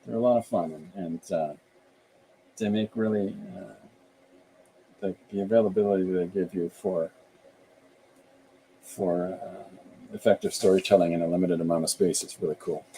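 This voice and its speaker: A man's voice: low-pitched, steady tone, normal speed, pauses often, mellow, a little hiss or hum, rough recording. A middle-aged man from Canada, a podcast host and author, chatting casually and thinking aloud with frequent restarts.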